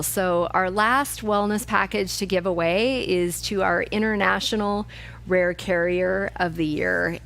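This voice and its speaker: A woman's voice: lowish voice, gravelly. A woman hosting a charity awards ceremony, speaking in a heartfelt, emotional way. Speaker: charity event host.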